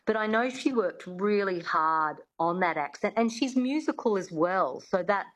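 A woman's voice: medium pitch, animated, unhurried, a bit bright, rough recording. An Australian woman working as an accent coach, talking in a radio interview, chatty with many restarts and fillers.

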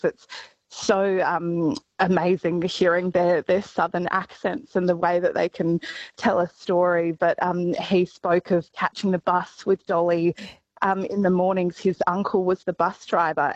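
A woman shares her memories on the radio, tearful and hesitant with many pauses. Her voice sits a little low and comes through a dull, muffled line that is dry, with no room sound. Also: darkish tone, no room sound. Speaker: radio colleague.

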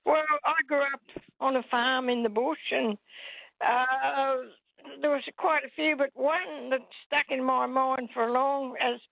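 An older woman calling in to a radio show, telling a story with halting restarts. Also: high-pitched, steady tone, gravelly, no room sound. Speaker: caller. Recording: tinny phone line.

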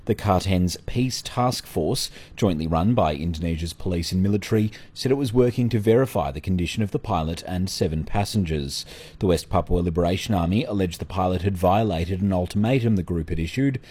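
Deep, husky-voiced news correspondent. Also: male voice, warm tone. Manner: measured, formal. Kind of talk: news report.

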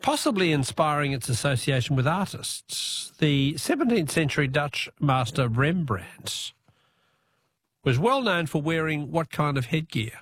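Animated radio quiz host. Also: male voice, a little high, unhurried, slightly rough, no echo, clean studio sound. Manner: jokey, punning, spells answers out. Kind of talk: lively talkback radio quiz.

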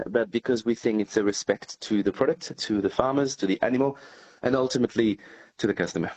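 A man's voice: on the low side, fast talker, darkish tone, low-quality recording. A man with a French accent, a cheesemaker answering interview questions earnestly, with small fillers and restarts.

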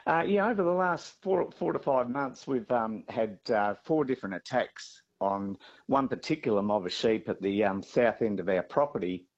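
A man with an Australian accent, a farmer being interviewed, talking haltingly with many fillers and restarts. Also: mid-range voice, expressive, lo-fi sound.

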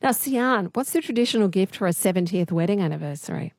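A woman hosting a radio quiz, chatty and quick to laugh. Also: medium pitch, lively intonation, a little mellow, no echo, clean studio sound. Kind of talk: casual talkback radio chat.

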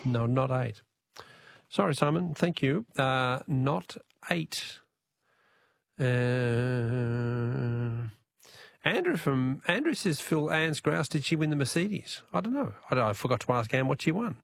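A man's voice: mid-range voice, big pitch swings, unhurried, creaky, no echo. A man with an Australian accent hosting a talkback radio quiz, easygoing and chuckling.

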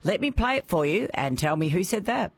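An Australian woman hosting a radio quiz, bubbly and quick to laugh. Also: lowish voice, sing-song, husky, no room sound. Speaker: radio host. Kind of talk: radio quiz show chat.

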